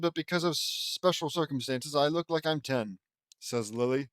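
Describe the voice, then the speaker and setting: A man's voice: medium pitch, a little fast, no echo. A man reading his own fan fiction aloud as a casual audiobook, breaking off for joking, sarcastic asides into a close home microphone. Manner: joking, sarcastic asides between read lines. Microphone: close home mic.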